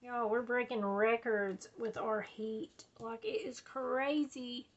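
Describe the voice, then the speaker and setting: Chatty woman crafting host, slow and rambling, bright tone, slightly higher pitch. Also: fairly even intonation, lo-fi sound, a little hiss or hum. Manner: chatty, drawling, says y'all and like a lot. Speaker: scrapbooking video host. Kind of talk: rambling casual chat while crafting.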